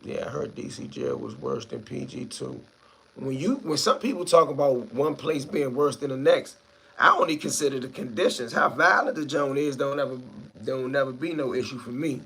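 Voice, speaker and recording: A man's voice: mid-range voice, very animated, normal speed, creaky, fairly bright tone, husky. A man hosting a casual live stream, reading viewer comments aloud and answering them in a laid-back way.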